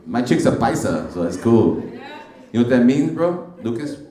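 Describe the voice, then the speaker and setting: Brash middle-aged comedian working the crowd. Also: male voice, medium pitch, very animated, normal speed, dark tone. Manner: teasing, brash, slangy. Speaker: stand-up comedian. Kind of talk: stand-up crowd work. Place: comedy club stage. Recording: roomy club sound from a distance. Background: audience laughter.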